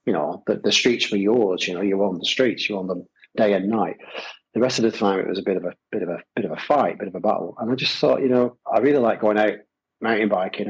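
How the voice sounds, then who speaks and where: A man's voice: lowish voice, husky, poor audio. A man telling stories in a loose, rambling podcast chat, full of fillers and restarts. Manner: rambling, lots of fillers and repeated phrases. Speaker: podcast guest, gravel shop owner. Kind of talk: casual conversational storytelling. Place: Adelaide Hills, South Australia.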